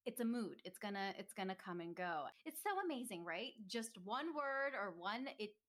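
A woman's voice: medium pitch, expressive, moderate pace, a bit bright. A woman hosting a podcast interview, chiming in with enthusiastic, affirming replies. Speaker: podcast host. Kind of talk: casual interview chat.

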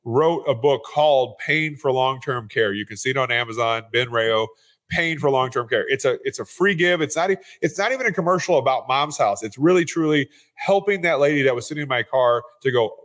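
A man talking in an earnest, easygoing way as a guest on an interview podcast. His voice sits at an ordinary middle pitch, and he often stumbles and restarts at the beginning of a sentence. He tells his real estate stories in a conversational way. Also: brisk, fairly bright tone. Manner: earnest, repeats words when starting sentences. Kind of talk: conversational storytelling.

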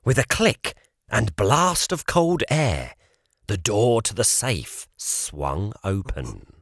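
A man narrating a children's audiobook at a slow, deliberate pace. His pitch moves a lot as he tells the story. The recording is dry and close, with no room sound. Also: no room sound. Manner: measured, expressive storytelling.

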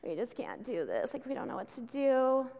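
A woman's voice: sits high, huge pitch swings, normal speed, gravelly, warm tone, heavily acted. A woman voicing a discouraged teenage karate student who speaks hesitantly and pleadingly, in a reverberant hall. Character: discouraged teen karate students, unsure but rallying.

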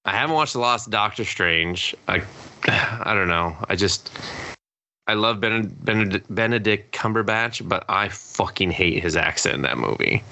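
A man's voice: lowish voice, unhurried, creaky, sharp tone, a little hiss or hum. A man co-hosting a casual podcast chat, ranting sarcastically and profanely and mocking what he dislikes in put-on quotes. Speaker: podcast co-host.

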